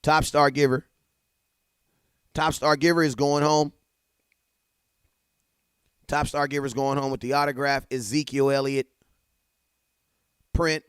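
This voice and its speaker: A man's voice: a little high, clean tone, no echo, clean studio sound. Hyped slangy young man streaming fan talk. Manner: hyped, slangy, talks straight to chat with shout-outs. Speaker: livestream sports talk host. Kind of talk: casual fan livestream chat. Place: home setup at a computer.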